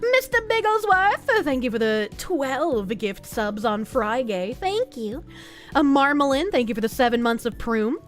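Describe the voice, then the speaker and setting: A woman VTuber streamer chats casually with her live audience, thanking donors in a bright, high voice. Her tone leaps up and down playfully, full of cutesy baby talk. Every so often she drops in a dry, sarcastic aside. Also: expressive, unhurried, faint music behind.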